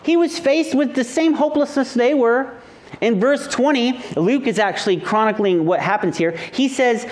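A man, a young or middle-aged father, preaching a conversational sermon. He is animated and jokey, tells stories and acts out the people in them. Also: high voice, normal speed. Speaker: pastor.

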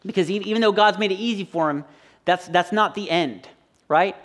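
High-voiced man preaching casually. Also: brisk. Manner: casual, joking storyteller with frequent restarts. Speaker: pastor. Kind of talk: conversational sermon.

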